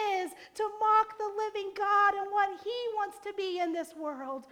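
A woman preaches a sermon with a very high voice. She speaks slowly and deliberately, often dropping to a near whisper before rising into fiery, impassioned exhortation. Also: fairly even intonation, sharp tone. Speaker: pastor.

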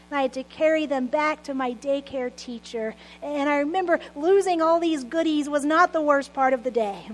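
A woman pastor in her late thirties with a bright, high-pitched voice preaches earnestly. She mixes prayer with personal stories and soft laughs. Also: rough recording. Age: 30s. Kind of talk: sermon.

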